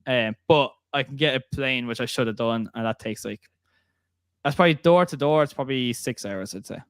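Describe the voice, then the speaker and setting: Chatty Irish man, smooth dry voice. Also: mid-range voice, fairly quick, no room sound. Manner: chatty, laughs while telling stories. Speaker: podcast host. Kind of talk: casual podcast chat, storytelling.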